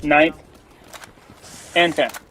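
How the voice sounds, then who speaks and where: A man's voice: fairly high pitch, fairly even intonation, extremely slow, noisy background. A man in his thirties from California, telling rambling, profane stories in casual chat while gaming. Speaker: gamer.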